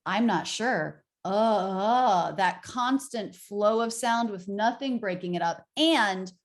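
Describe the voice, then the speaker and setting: Encouraging woman coaching pronunciation. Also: slow. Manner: encouraging, demonstrates pitch with exaggerated examples. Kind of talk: accent coaching session.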